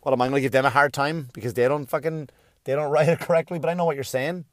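A man's voice: fairly high pitch, steady tone, fast, no room sound. A man hosting his own podcast, talking in a rambling, self-deprecating way and swearing casually. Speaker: podcast host.

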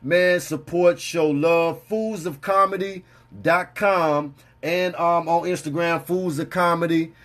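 A man's voice: a little high, steady tone, takes it slowly, hardly any pauses, fairly bright tone. A man hosting a casual interview, easygoing, often restarting his words and tagging "man" onto them. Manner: stammering restarts, easygoing, says "man" a lot. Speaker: podcast host.

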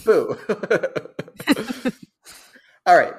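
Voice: medium pitch, moderate pace. A podcast host chatting casually with lots of fillers and reading a story from a website aloud. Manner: expressive, lots of "like", laughs easily.

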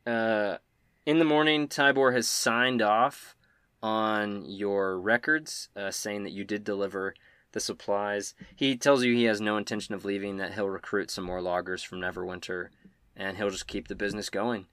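A man's voice: lowish voice, moderate pace, clear, resonant tone, no room sound. Man, game master, casual narration, dry close sound. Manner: relaxed, casual, filler-heavy narration.

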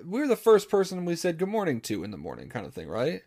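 A man's voice: on the high side, wildly swooping pitch, fast, a little mellow. A young man co-hosting a casual podcast with a slightly raised voice. He tells stories in a loose, rambling way with a lot of restarts. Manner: rambling storyteller, many restarts. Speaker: podcast co-host. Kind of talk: casual chat.

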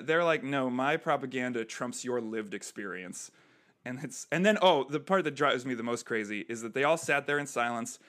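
A man from the United States, a comedian and military veteran, chatting casually on a podcast and acting out other people's lines as he tells his stories. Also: mid-range voice. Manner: animated storyteller who acts out other people's lines.

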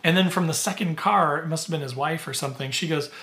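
A man's voice: fairly high pitch, fast, fairly bright tone. A middle-aged man hosting his podcast, telling stories casually with lots of fillers and easy laughs. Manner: chatty, filler-heavy, laughs easily. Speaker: podcast host. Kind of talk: casual storytelling.

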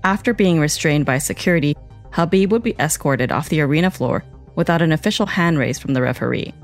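A man giving measured, factual scripted narration. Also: fairly high pitch, expressive, soft background music.

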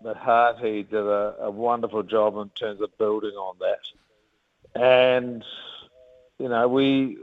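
A man in his fifties from New Zealand with a New Zealand accent, telling rugby stories as an interview guest in a rambling, animated way. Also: on the low side, slow. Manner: rambling, animated, many restarts. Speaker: guest, former rugby captain. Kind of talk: casual interview storytelling. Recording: tinny phone-like line.

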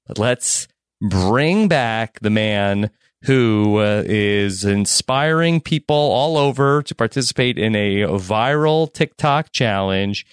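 A man in his forties hosting a podcast in casual chat, easygoing and quick to laugh. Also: lowish voice, animated, clear, resonant tone, dry recording, studio quality. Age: 40s. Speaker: podcast host.

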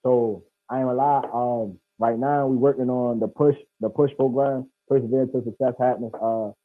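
A man in his twenties speaking as an interview guest, slangy, slow and earnest. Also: medium pitch, steady tone, no echo, phone-quality sound. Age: 20s. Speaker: guest, nonprofit founder. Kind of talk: casual interview.

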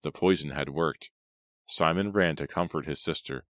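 A man narrating a horror audiobook in a steady, measured reading style. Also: extremely low pitch, no echo, studio quality.

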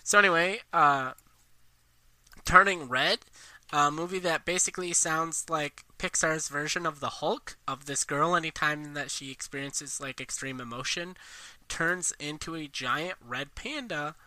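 Man, podcast co-host: very bright, crisp voice, dry close sound, loose animated chat. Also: on the high side, no room sound. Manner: quick, animated, many "like" fillers. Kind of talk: casual chat.

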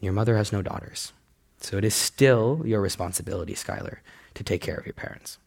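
A stern, devout elderly Korean grandmother, as a young man quotes her in his own somewhat low voice. She speaks bluntly and gets straight to the point. She sounds matter-of-fact throughout. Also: fairly quick, vocal fry, darkish tone.

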